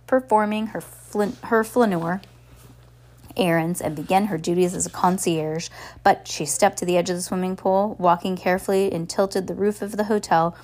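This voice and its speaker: A woman's voice: medium pitch, a little mellow. Woman reading a storybook aloud. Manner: plain reading with frequent slips and restarts. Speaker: audiobook reader. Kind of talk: reading a children's novel aloud.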